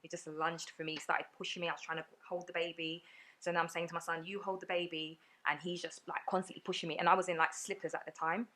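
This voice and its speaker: Low-voiced woman telling her story. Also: little pitch movement, bright, forceful tone. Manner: earnest, rapid retelling with many fillers. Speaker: guest sharing her story. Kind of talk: personal storytelling in a podcast interview.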